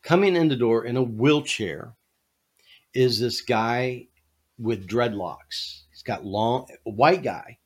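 A man hosting a podcast, telling a funny story in an animated, jokey way. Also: mid-range voice, slow. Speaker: podcast host. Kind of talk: casual storytelling.

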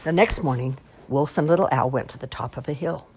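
A woman reading children's stories aloud with expressive storytelling. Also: low-pitched, a little fast, noisy background. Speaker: storybook reader.

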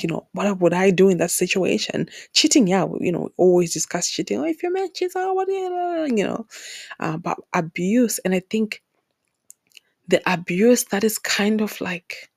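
A woman's voice: lowish voice, husky, no room sound, studio quality. A woman from Zimbabwe hosting a solo podcast, talking earnestly and repeating words for emphasis. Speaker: podcast host. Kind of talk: heartfelt solo podcast talk.

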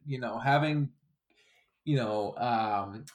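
A man's voice: mid-range voice, slow. A man as an interview guest, talking in a casual, rambling way with frequent restarts. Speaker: interview guest, creator of a comedy hunting character.

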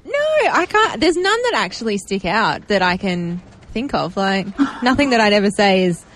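A woman's voice: mid-range voice, big pitch swings, normal speed, a bit bright. A woman chatting casually as a radio co-host, joking lightly and laughing.

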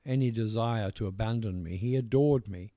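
Posh English older man, mellow voice. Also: on the low side, no room sound. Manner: measured, hesitant, circles back with restarts. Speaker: author being interviewed. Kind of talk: reflective interview conversation.

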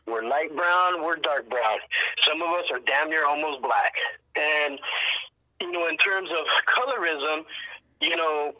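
Animated, profane man telling stories. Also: on the high side, a little slow, lo-fi sound. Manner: animated, profane street slang, acts out quotes. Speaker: activist guest. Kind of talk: casual podcast storytelling.

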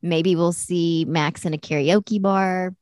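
A woman's voice: on the low side, fairly even intonation, takes it slowly, darkish tone, no room sound. A woman co-hosting a casual chat, enthusiastic and giggly, acting out quotes. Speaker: podcast co-host.

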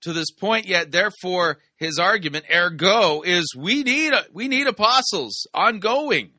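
A man with a slightly higher, strikingly bright voice comments on sermon clips in a casual way. He explains the Greek text and drops sarcastic asides. The sound is dry and close. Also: lively intonation, a little slow, no room sound. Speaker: sermon reviewer host.

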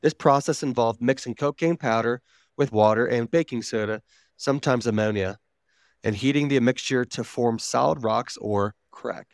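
A man's voice: mid-range voice, normal speed, dry recording, studio quality. Wheezy man reading podcast notes. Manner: swears casually, flat reading of facts. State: wheezing from asthma. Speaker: podcast co-host. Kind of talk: reading notes aloud in casual podcast chat.

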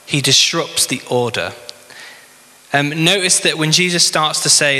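A man preaching a sermon with a very bright, tense tone. He keeps the listeners engaged with quick rhetorical questions. His voice rings through a hall with a long reverb. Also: a little high. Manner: conversational, with rhetorical questions and tag questions. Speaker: pastor.

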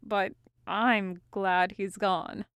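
An earnest, haunted young mage who speaks slowly and reflectively, as a woman reads him aloud. His voice is smooth and slightly high, and the recording is close and dry. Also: animated, darkish tone, no room sound. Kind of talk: fan audiobook reading.

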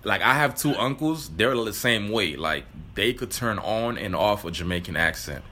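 A man co-hosting a casual podcast interview, talking in a relaxed, candid and chatty way. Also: fairly low pitch, normal speed. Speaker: podcast co-host.

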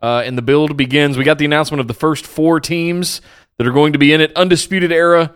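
A man's voice: a little high, steady tone, fast, fairly bright tone, clear, resonant tone. A man co-hosting a podcast, blunt and joking in casual wrestling chat. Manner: blunt, joking, mock-exasperated. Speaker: podcast co-host.

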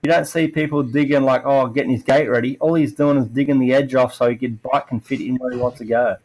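A middle-aged retired racer on a podcast tells racing stories in casual chat, with a medium-pitched voice and a quick pace on a low-quality recording. His storytelling is animated, full of acted-out quotes and lots of "like" fillers.

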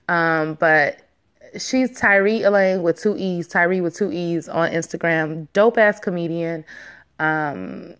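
Playful, profane young woman podcasting. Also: on the low side. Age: 20s. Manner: candid, profane, playful, swings between loud and hushed asides. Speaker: podcast host. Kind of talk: casual solo podcast chat. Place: home basement.

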